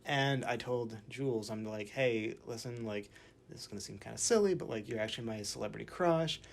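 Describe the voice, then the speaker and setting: A man co-hosting a casual podcast, telling animated stories and acting out excited quotes. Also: mid-range voice, fairly quick, gravelly. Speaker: podcast host. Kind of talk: casual chat.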